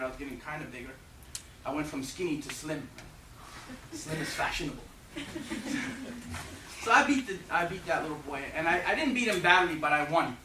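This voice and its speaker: An energetic Irish man tells comic stories to an audience in a fairly high voice. He sounds distant, in a roomy lecture hall with noise behind him. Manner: energetic, joking, animated. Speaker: guest speaker. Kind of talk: comic storytelling talk. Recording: echoey hall, distant mic, noisy.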